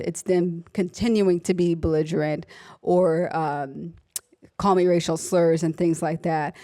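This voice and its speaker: A young adult woman, an emergency room nurse and author, telling stories from her work in a conversational talk, acting out the people in them. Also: fairly low pitch. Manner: animated storytelling, voices her patients, laughs often.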